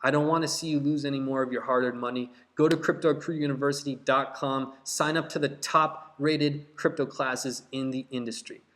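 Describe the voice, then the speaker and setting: A man's voice: mid-range voice, fairly even intonation, normal speed, few pauses, fairly bright tone. A man hosting a crypto video channel, talking straight to his viewers in an emphatic, heated way and repeating his points. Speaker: crypto YouTube host and course seller. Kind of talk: direct-to-camera vlog talk.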